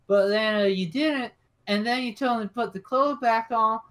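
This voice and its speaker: A woman voicing a frightened, tearful Southern boy who stammers and rambles in a high voice. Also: moderate pace, lightly acted. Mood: rambling.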